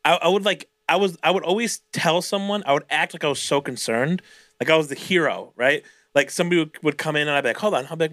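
Animated, profane male podcast storyteller. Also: fairly high pitch, fast talker, no room sound. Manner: animated storytelling, swears a lot, acts out customers. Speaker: podcast co-host. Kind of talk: casual chat.

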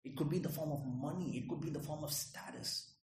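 Preacher in an echoey room. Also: male voice, fairly high pitch, fast talker, darkish tone, slight background noise. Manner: conversational, frequent "Right?" and "Okay?" check-ins, restarts. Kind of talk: sermon.

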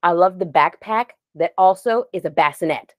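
A woman in her forties co-hosting a podcast, telling a story in an animated, laughing way and drifting off on tangents. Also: lowish voice, moderate pace, no echo. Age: 40s. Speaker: podcast co-host. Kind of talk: casual chat.

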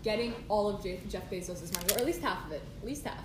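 A woman's voice: mid-range voice, expressive, fast. A young woman co-hosting a casual podcast, laughing as she lays out a scheming plan, recorded without microphones. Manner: playful, laughing, scheming storyteller. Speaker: podcast co-host, student technical director. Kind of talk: casual chat. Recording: echoey room, noisy, no microphone.

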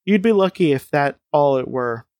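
A man voicing a huge, menacing caretaker in a low, slow, pirate-like growl, reading from a gamebook. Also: lively intonation, darkish tone, no echo, studio quality, lightly acted. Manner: low, slow, gruff delivery.

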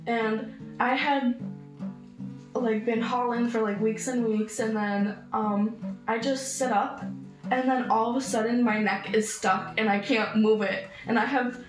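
A woman's voice: a little high, fairly even intonation, unhurried. A young woman recounting her own hard experiences in an interview, getting emotional and acting out how she pleaded. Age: young adult. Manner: emotional, acts out pleading voices in her story. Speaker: survivor interviewee. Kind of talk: personal storytelling. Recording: echoey room with faint music.

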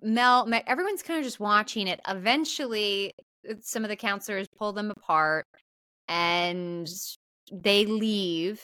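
A woman co-hosting a casual podcast and recapping a film in detail. She is animated, laughs easily and acts out bits of dialogue as she tells the story. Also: mid-range voice, unhurried, clear, resonant tone, no room sound. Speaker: podcast co-host.

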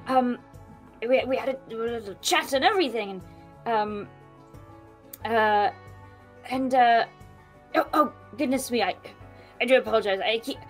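A woman voicing a polite, flustered traveling creature who stammers and speaks with old-fashioned courtesy in a tabletop role-play game. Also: high voice.

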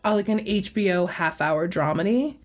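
Woman cohost just chatting, says like a lot, mid pitch, laughs easy. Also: moderate pace. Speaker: podcast co-host. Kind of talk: casual chat.

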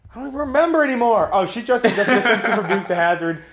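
A man co-hosting a podcast in person, casually recapping a movie and acting out the characters in quick voices. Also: sits high. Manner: animated, acts out characters in quick put-on voices. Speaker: podcast co-host. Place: in person, indoors.

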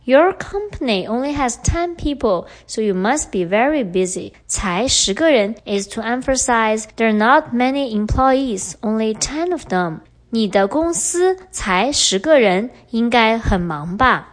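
A young woman hosting a podcast lesson, explaining clearly and switching between English and Mandarin. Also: fairly high pitch, expressive, unhurried. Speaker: podcast host and Chinese teacher.

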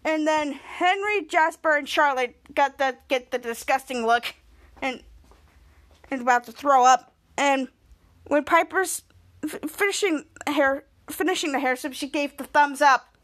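Brief: podcast host, woman with a very high voice, casual recap, run-on rambling delivery. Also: unhurried, fairly bright tone. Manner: rambling run-on retelling, many "and"s.

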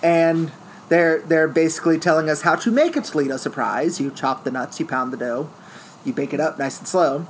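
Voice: medium pitch, normal speed, a little hiss or hum. A speaker in casual chat retelling a story step by step, now and then acting out quoted lines.

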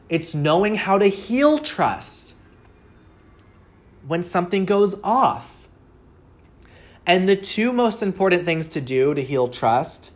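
A woman's voice: low voice, a little mellow. A woman speaking as a relationship coach, talking earnestly in a solo advice episode and asking rhetorical questions.

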